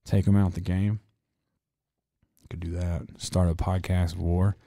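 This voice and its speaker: A man's voice: low voice, flat delivery, measured pace, mellow, no room sound, clean studio sound. A young man hosting a podcast, talking in a loose, rambling, profane way with frequent laughter. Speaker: podcast host. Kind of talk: casual chat.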